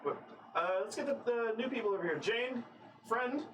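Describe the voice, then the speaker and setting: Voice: medium pitch, moderate pace, far from the mic, background noise. A player at a tabletop game, joking and hesitant, often stammering. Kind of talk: casual chat at a gaming table.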